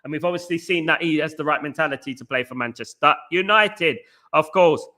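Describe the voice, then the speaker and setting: Man, high-pitched, bright, argumentative, live-stream host. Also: fairly quick. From East London. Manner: animated, argumentative, repeats "at the end of the day"; addresses chatters by name. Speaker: podcast host reading live chat. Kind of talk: casual live-stream commentary.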